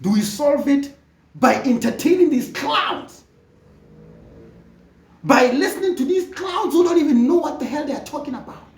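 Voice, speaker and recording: A speaker from Africa, delivering an impassioned political monologue that often rises to a shout. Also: high-pitched, animated, normal speed, pauses often, reverberant, recorded from a distance. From South Africa. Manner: fervent, often rising to a shout.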